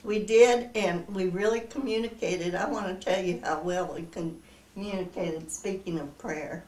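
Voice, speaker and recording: Older woman, lowish voice, chatty storyteller, recorded from across an echoey room. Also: moderate pace, far from the mic. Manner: lively, laughing storyteller. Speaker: interviewee. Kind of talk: storytelling in a family interview.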